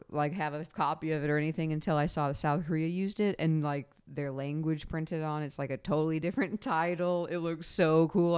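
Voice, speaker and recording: A woman's voice: low-pitched, a little mellow, smooth. A woman guest on a casual film podcast, talking animatedly, giggling and swearing casually.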